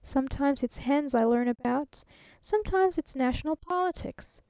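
A woman's voice: high-pitched, normal speed, mellow, dry recording. A woman voicing a chatty, folksy, fat male traveling salesman near fifty, earnest and talkative.

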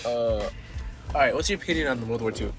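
A man's voice: medium pitch, fast talker, over music. A teenage guy co-hosting a casual podcast, rambling through stories with lots of filler words. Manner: rambling, filler-heavy, laughs often. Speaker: podcast co-host. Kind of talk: casual chat.

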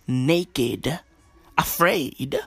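Slow, hushed man ranting. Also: on the high side, husky. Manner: slangy, profane, repetitive rambling. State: speaking in a hushed half-whisper. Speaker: podcaster. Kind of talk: casual rant. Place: own bedroom at home.

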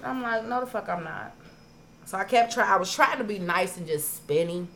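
Profane, animated woman telling stories. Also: medium pitch, moderate pace, slight background noise. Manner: profane, animated, acts out quoted arguments. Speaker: podcast co-host. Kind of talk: casual storytelling chat.

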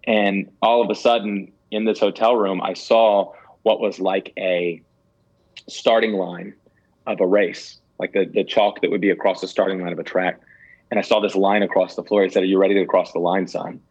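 A man's voice: sits low, level tone, moderate pace, a little mellow, breathy edge, muffled recording. A man giving candid personal testimony as an interview guest, earnest and self-deprecating, with some stammered restarts. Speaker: guest telling a ministry story.

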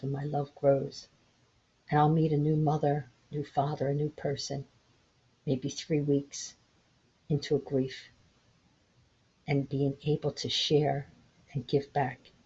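A woman in her sixties hosting her own podcast, gently telling a parable in an unhurried, reflective way. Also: low-pitched, completely flat delivery, slightly rough. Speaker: podcast host. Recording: dull lo-fi home recording.

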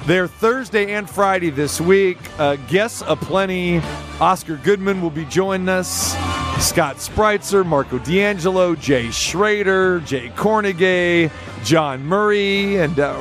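A man's voice: a little high, fairly bright tone. A man hosting a sports radio show, talking in a casual, jokey, rambling way. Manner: jokey, rambling, switches dialects playfully.

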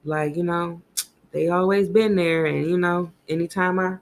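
Gravelly-voiced woman giving rambling advice. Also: on the low side, moderate pace. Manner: relaxed, rambling advice-giving with frequent "you know". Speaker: podcast co-host. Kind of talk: casual chat.

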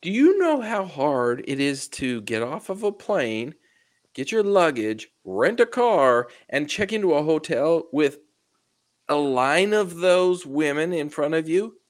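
Brief: male co-host, casual rant, bouncy high-ish voice, sarcastic. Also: unhurried. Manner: animated ranting, swearing, passive-aggressive. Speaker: podcast co-host. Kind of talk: casual chat.

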